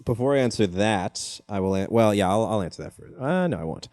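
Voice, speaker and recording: A young man hosting a comedy podcast, telling rambling anecdotes in casual chat, swearing and jumping up in pitch when excited. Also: fairly quick, no echo. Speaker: podcast host.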